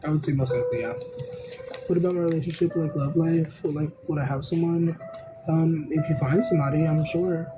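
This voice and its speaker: A tarot reader hosting a casual live stream, talking in a rambling, unhurried way full of "um"s and "I don't know"s. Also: medium pitch, steady tone, over loud music, low-quality recording.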